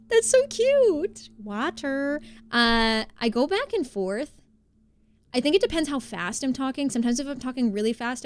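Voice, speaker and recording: A young woman talks loosely to her stream, circling back on herself with fillers and restarts. Her voice sits a little on the high side. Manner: rambling, chatty, many fillers and restarts. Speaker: livestreamer. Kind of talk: casual live-stream chat.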